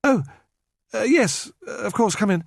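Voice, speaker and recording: A woman's voice: medium pitch, lively intonation, normal speed, creaky, no echo, studio quality, voice pushed up. A male narrator voicing a prim, courteous elderly woman with a southern English accent, formal and old-fashioned in her speech. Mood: startled. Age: older.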